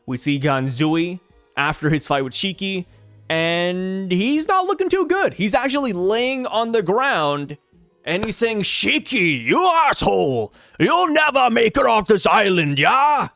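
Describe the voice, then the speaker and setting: A man hosting a comic review channel, talking through a new chapter in a casual, animated, jokey way and thinking out loud. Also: fairly high pitch, dry recording. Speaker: manga review channel host. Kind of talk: casual commentary video.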